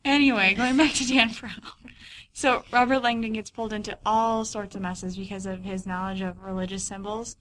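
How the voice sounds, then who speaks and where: A woman's voice: medium pitch, fairly even intonation, moderate pace, a bit bright. A young woman co-hosting a book podcast, explaining an author's books in a rambling, casual way. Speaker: podcast co-host. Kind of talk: casual chat.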